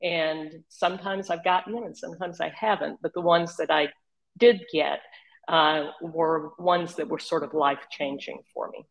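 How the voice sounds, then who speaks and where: An older woman with a Southern accent and an Oklahoma drawl, telling animated, laughing stories as an interview guest. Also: low voice, moderate pace, gravelly, low-quality recording. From Northeast Texas region. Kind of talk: casual storytelling.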